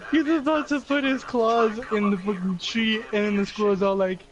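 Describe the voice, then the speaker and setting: Brief: young guy game streamer, high-pitched, crude, rambling banter. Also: steady tone, moderate pace, lo-fi sound. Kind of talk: casual chat while gaming.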